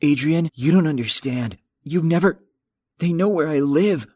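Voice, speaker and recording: A man's voice: fairly high pitch, measured pace, darkish tone, no room sound, clean studio sound, pitched above the performer's own voice. A man voicing a frightened young man in his twenties whose voice shoots up in panic. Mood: panicked. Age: 20s. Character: frightened young male bookstore clerk.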